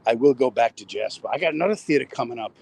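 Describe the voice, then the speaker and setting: Racing along as he walks city streets, a middle-aged comedian chats casually on a live stream, cracking jokes and reading viewer comments aloud from his phone. His medium-pitched voice is gravelly, a little mellow, and breathy, on a rough recording.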